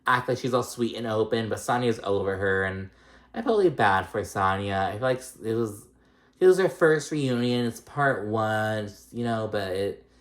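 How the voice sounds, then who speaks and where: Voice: medium pitch, moderate pace. A vlogger giving a casual, chatty recap of a reality show episode, swearing freely and using lots of "um" and "like". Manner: chatty, swearing, many fillers.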